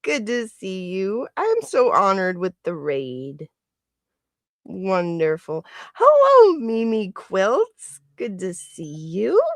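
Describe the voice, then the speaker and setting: A woman's voice: mid-range voice, big pitch swings, slow, no echo. A woman hosting a casual livestream, chatting and laughing often as she greets viewers by name. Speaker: livestream host.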